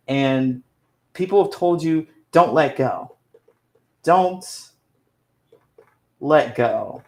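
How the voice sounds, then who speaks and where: A man giving a motivational conference talk as a life coach, repeating phrases for emphasis and acting out quoted lines. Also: medium pitch.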